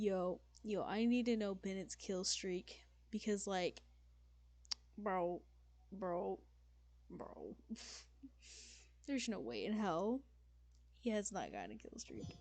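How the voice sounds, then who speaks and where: A woman streamer giving casual, crude, excitable commentary over a game. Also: medium pitch, slow, pauses often, dry recording.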